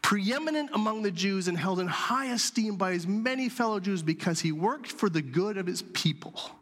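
A man telling a scripture story as a sermon, animated and acting out the characters' lines. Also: fairly high pitch. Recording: long hall reverb.

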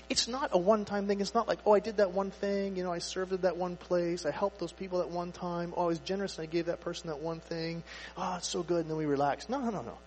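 Conversational male preacher in an echoey hall. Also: sits high. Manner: conversational, asks rhetorical questions, acts out inner thoughts. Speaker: pastor. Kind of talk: sermon. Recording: echoey hall with faint mains hum. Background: faint mains hum.

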